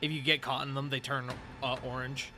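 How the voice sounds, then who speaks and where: A man's voice: medium pitch, flat delivery, brisk, pushed and bright, faint music behind. A man playing a tabletop game, chatty and casual, with hesitant fillers. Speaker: player.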